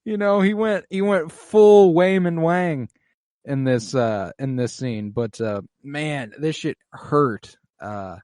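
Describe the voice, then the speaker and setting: A man co-hosts a podcast in a loose, swearing, casual way, now and then acting out characters. His voice sits at a middle pitch, and the sound is dry and close. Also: animated, slow pace, dry recording. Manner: profane, loose, acts out characters in quotes. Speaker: podcast co-host. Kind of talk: casual recap chat.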